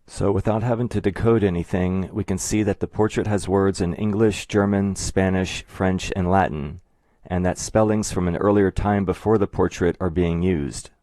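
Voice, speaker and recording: A man narrating a scripted explanatory video in a measured, methodical way. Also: deep voice, steady tone, warm tone, no echo. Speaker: video essayist.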